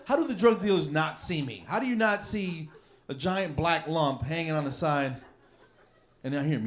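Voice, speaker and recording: A man works through a stand-up set, rambling and mocking himself in a fairly high voice. He speaks into a handheld mic on a comedy club stage. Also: normal speed. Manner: rambling, self-mocking deadpan. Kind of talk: stand-up routine.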